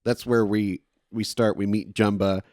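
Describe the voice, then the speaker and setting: A man's voice: on the low side, little pitch movement, measured pace, darkish tone, no echo, clean studio sound. A man co-hosting a podcast, chatting casually and restarting his sentences as he thinks. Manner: hesitant, repeats words as he thinks. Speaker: podcast co-host. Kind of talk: casual chat.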